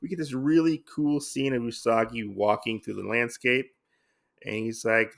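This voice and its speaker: A man hosting a podcast, recapping a comic book in a halting, rambling way full of fillers and self-corrections. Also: lowish voice, steady tone, gravelly, fairly bright tone. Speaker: podcast host.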